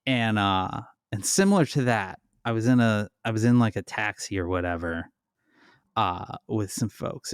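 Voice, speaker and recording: A man's voice: fairly low pitch, normal speed, clean tone, no echo, studio quality. A man co-hosting a podcast, teasing and playful in casual chat. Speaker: podcast co-host.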